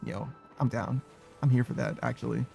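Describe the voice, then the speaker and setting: A man's voice: mid-range voice, steady tone, moderate pace, creaky, warm tone. Rambling man streaming a game. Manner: rambling, reads chat aloud, laughs easily. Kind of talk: casual game stream chat. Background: faint game music.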